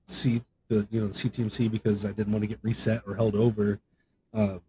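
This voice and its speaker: A man's voice: lowish voice, mellow, slight background noise. Man rambling through a personal story. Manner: rambling, conversational, with many fillers and restarts; voice rises sharply when reenacting others. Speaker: podcast guest, gaming content creator. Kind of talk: casual storytelling.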